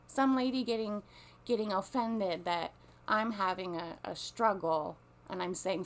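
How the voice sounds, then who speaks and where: A woman's voice: mid-range voice, unhurried. A woman telling a long story in a casual monologue, rambling and profane, with lots of restarts. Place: lives on a small coastal peninsula.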